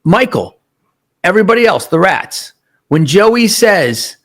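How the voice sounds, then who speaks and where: A man hosting crime commentary, talking casually in a mocking, animated way and quoting others. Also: high-pitched, unhurried.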